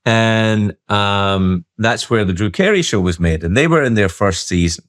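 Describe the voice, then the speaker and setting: A middle-aged Scottish man hosting a podcast, telling stories in a lively, joking way. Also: fairly low pitch, measured pace, dry recording, studio quality. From Scotland. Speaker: podcast host. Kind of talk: casual chat.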